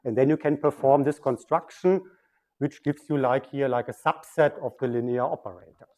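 A man's voice: mid-range voice, moderate pace, darkish tone. A man giving a mathematical physics lecture, explaining step by step at a board.

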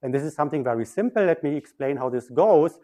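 A man's voice: a little high, lively intonation, fast talker, dark tone. A man giving a mathematical physics lecture, explaining step by step at a board.

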